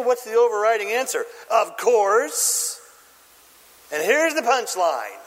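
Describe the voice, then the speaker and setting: A man preaching a sermon, telling a story in an animated way and asking the audience questions. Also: high voice, slow pace, long reverb tail. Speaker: pastor.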